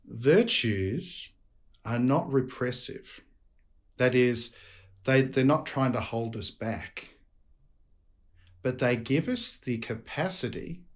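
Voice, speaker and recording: A man with an Australian accent, a priest speaking earnestly as a podcast guest and leading a closing prayer. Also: mid-range voice. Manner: earnest, addresses listeners as friends.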